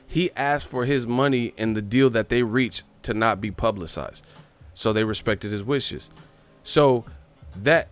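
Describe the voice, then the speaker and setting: Profane, mocking livestream host. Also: male voice, mid-range voice. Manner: profane, mocking, laughs often. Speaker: boxing show host. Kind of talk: casual ranting livestream talk.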